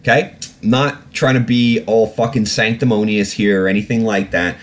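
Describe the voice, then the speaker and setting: Guy with a lowish voice doing a solo podcast rant, swears a ton, rambles with lots of ums. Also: fairly even intonation, moderate pace. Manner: profane, ranting, swears often; rambling with many fillers and restarts. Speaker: podcast host. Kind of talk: solo political commentary podcast.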